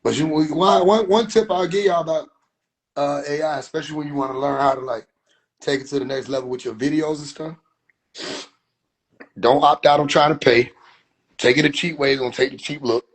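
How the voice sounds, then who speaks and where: A young man, reacting to his own clips in casual, profane commentary, exasperated and often shouting in disbelief. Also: mid-range voice, breathy edge.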